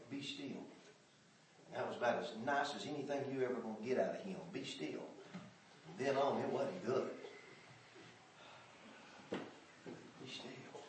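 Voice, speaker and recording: A man's voice: medium pitch, a little hiss or hum. A man preaching a sermon in folksy, plain-spoken speech. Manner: folksy, dialect grammar, builds from hush to shouting. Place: church. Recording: echoey hall from far off.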